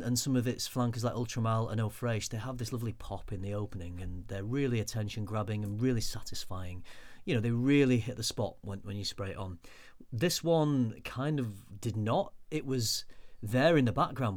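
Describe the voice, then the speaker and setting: A man's voice: mid-range voice, brisk, hardly any pauses, dry recording. A man co-hosting a podcast, chatting casually and teasing his co-host. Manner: bantering, teasing. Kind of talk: casual chat.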